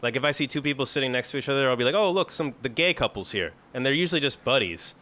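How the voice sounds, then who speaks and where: A man's voice: medium pitch, rapid-fire, bright, forceful tone. A man chatting casually on a comedy podcast, blunt and profane, rambling with lots of filler words.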